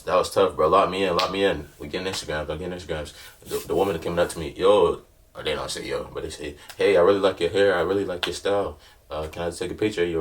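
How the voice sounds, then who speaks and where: A man's voice: sits low, fairly bright tone, far from the mic, slight background noise. A young man casually telling a story in slang, constantly checking in with the listener. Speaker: vlogger.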